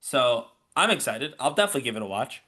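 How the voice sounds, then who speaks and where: A man co-hosting a podcast in casual chat, animated and opinionated, laughing often as he talks. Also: medium pitch, fast. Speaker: podcast co-host.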